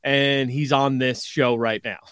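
A man co-hosting a sports talk show, speaking in a measured way with hesitant fillers. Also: mid-range voice, steady tone, fairly bright tone, smooth. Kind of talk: casual sports chat.

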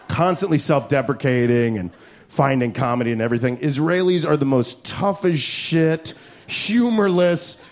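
High-voiced, profane male stand-up comic. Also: expressive. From United States. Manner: loud, profane, rapid riffs with shouted punchlines. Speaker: stand-up comedian. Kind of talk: stand-up set. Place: comedy club stage. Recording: live club recording with crowd noise. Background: audience laughter and club noise.

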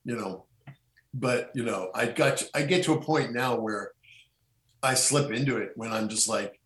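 A middle-aged man speaks as a podcast guest in an echoey room, making casual conversation. His medium-pitched, fairly bright voice moves a little slowly as he rambles with many restarts and fillers.

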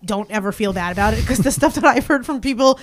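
A woman's voice: fairly high pitch, fast talker. A woman co-hosting a casual podcast, talking in a rambling, chatty way full of 'like' and restarts. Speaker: podcast co-host.

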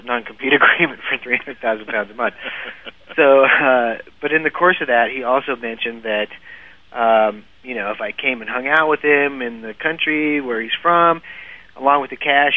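A man's voice: medium pitch, moderate pace, dry recording. A man telling a long funny story in casual podcast chat, laughing often and restarting his sentences. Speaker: guest storyteller. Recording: phone-like lo-fi, dry.

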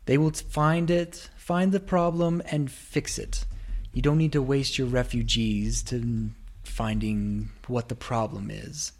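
Man voicing a haughty middle-aged councilman, slow, condescending, mid pitch. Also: steady tone, a little mellow, lightly acted. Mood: disdainful.

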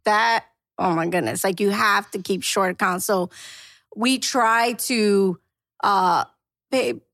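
A woman who is a guest mentor in a casual podcast conversation, telling stories in an animated way and acting out bits of dialogue. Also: medium pitch, slow pace, no echo, clean studio sound.

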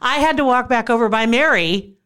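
A woman in casual chat, telling a story in an animated way and laughing often. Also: on the high side, fairly quick, smooth.

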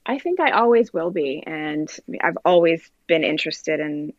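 Lively Jamaican-born woman telling stories. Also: sits low, moderate pace, dry recording, muffled recording. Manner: animated storytelling, laughs often, acts out quoted voices. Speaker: comedian, guest. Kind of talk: interview conversation.

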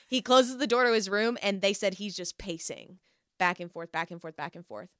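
A young woman tells a story in casual chat, animated and acting out the voices of the people she quotes. Her mid-range voice moves at normal speed, recorded at studio quality with no room sound.

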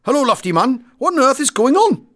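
A man voicing a tough, excitable young air gunner, calling up over an intercom. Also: extremely high pitch, fairly quick, pitched above the performer's own voice, full character voice. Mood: alarmed. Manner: shouting up alarmed over an intercom.

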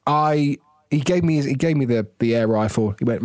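A man's voice: medium pitch, brisk, a little mellow, no echo, studio quality. An English man in casual podcast chat, talking emphatically with many restarts. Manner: emphatic, stammering restarts, blunt.

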